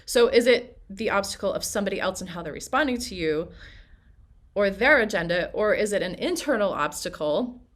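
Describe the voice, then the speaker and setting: A woman's voice: medium pitch, lively intonation, a little fast. A woman teaching acting technique to singers in a casual workshop lecture, talking conversationally with frequent fillers and restarts.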